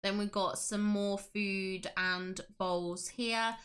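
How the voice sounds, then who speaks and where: A woman's voice: mid-range voice, steady tone, takes it slowly, fairly bright tone. A woman hosting a casual livestream, gushing with enthusiasm and reading chat aloud. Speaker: livestream host.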